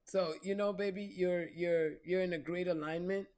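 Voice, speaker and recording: A woman's voice: on the low side, fairly even intonation, moderate pace, warm tone. Profane, preachy woman doing a spiritual reading. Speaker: spiritual reader.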